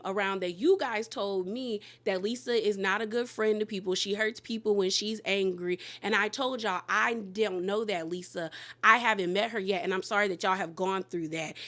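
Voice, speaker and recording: A woman recapping a reality show in a lively, casual way, acting out the cast's lines and laughing often. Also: medium pitch. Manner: animated, quotes the cast in quick bursts, laughs often.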